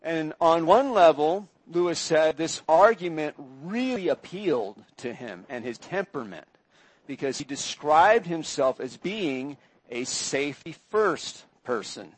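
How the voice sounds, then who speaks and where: A man preaching a sermon, retelling scripture in measured storytelling and voicing quoted speakers with feeling. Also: on the high side, lively intonation, husky, rough recording. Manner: measured storytelling, acts out quoted voices with rising intensity.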